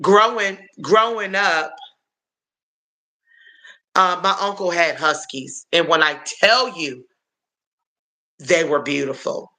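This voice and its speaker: A man hosting a live stream, chatting in a rambling way, answering viewers' comments, calling them y'all, and filling pauses with um and uh. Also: on the high side, pushed and bright. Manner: halting, with frequent um and uh fillers. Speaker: livestream host answering chat. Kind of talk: casual live-stream chat.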